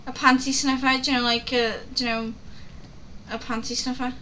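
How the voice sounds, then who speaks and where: Woman, streamer, gossipy game chat, bright clear tone. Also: high voice, flat delivery, brisk, slight background noise. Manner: chatty storytelling, laughs often. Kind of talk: casual gaming stream chat.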